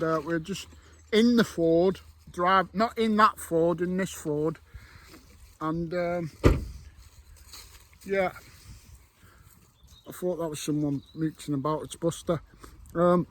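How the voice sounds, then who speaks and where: A man's voice: high-pitched, low-quality recording. A middle-aged man chatting jokily to viewers while out metal detecting in farm fields. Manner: jokey, rambling, addresses viewers. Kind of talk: casual chat to camera.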